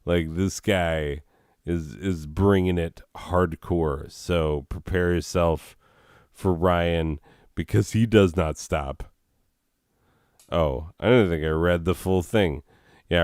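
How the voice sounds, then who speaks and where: A man's voice: deep voice, steady tone, slow pace, darkish tone, clear, resonant tone, no echo, clean studio sound. A man hosting a comedy video, reading absurd entries and riffing on them with sarcastic, rambling asides.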